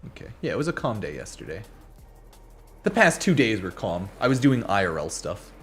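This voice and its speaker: A man chatting casually on a livestream from his home setup, rambling from one thought to the next and swearing offhandedly. His pitch swings widely as he talks. Soft music plays faintly underneath. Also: big pitch swings, brisk. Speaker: game streamer.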